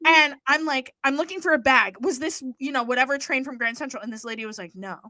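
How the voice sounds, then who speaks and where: A young woman co-hosting a podcast, telling a story in casual chat, animated and swearing freely as she acts out what people said. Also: high voice, quick pace, no room sound. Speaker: podcast co-host.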